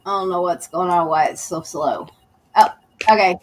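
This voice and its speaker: A woman's voice: on the low side, fairly even intonation, moderate pace, poor audio. A woman co-hosting a casual chat who reads letters aloud and comments on them bluntly. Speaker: co-host reviewing emails.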